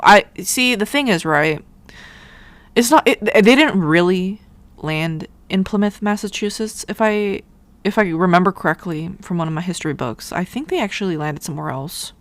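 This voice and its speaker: A woman's voice: lowish voice, normal speed, no room sound. A woman hosting her own podcast, talking casually in a rambling, irreverent way and swearing freely. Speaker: podcast host. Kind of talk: casual solo podcast monologue.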